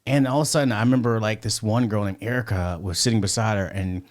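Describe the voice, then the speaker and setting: A man with a fairly low voice tells a story as a podcast guest. He rambles, restarts sentences and swears freely, keeping it loose and casual. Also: fairly even intonation, fast, a little mellow. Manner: rambling, profane, many fillers and restarts.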